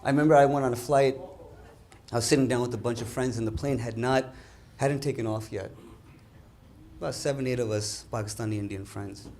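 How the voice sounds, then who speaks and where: A man's voice: medium pitch, brisk, slight background noise. Man telling jokes to a dinner crowd. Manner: animated, acts out characters in quoted voices. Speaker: comedian at a dinner. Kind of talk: stand-up joke telling. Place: event hall with a live audience.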